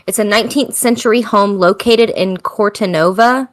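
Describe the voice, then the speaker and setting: A woman's voice: medium pitch, moderate pace, fairly bright tone. An American woman hosting a podcast in casual chat, tired, chatty and self-mocking, laughing often. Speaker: podcast host.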